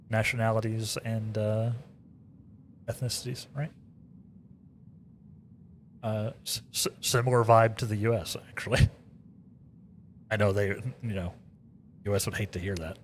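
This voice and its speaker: Talking with his live chat while gaming, this American streamer rambles and repeats himself in chatty asides. His lowish voice barely moves in pitch, and he speaks unhurriedly with frequent pauses over slight background noise.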